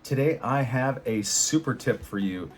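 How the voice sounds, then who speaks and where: Male English tutor, casual and animated, mid-pitched voice, faint guitar music underneath. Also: unhurried. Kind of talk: casual teaching to camera.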